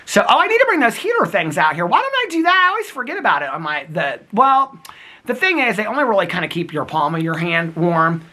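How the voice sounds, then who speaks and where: His voice sits high, very animated and quick, pushed and bright. The speaker is a man in his fifties doing a casual daily vlog to camera outdoors in snowy cold, chatty and giggly, calling his viewers girl and honey.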